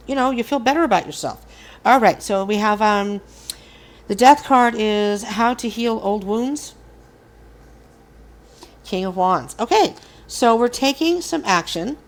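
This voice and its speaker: A woman hosting a casual collective tarot reading, speaking earnestly and encouragingly to her viewers. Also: mid-range voice. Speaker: tarot reader.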